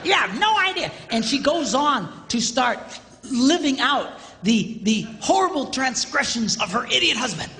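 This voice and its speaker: A man's voice: extremely high pitch, unhurried, long reverb tail. A man preaching, a pastor telling a humorous story and acting out the dialogue. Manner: animated, acts out quoted dialogue, jokey.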